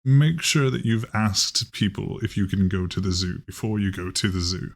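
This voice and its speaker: A man's voice: lowish voice, moderate pace, creaky. A man doing a confused rambling vampire elder.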